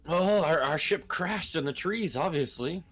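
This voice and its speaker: A woman's voice: low-pitched, animated, unhurried, faint music behind, voice pushed up. A man voicing a weak, starving woman stranded with her crew, who stammers and pleads. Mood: pleading.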